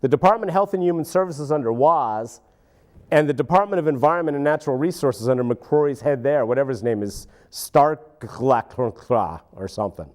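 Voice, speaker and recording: A man's voice: medium pitch, normal speed. A man hosting a local commentary show, ranting sarcastically about politics. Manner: animated, sarcastic, mocking voices.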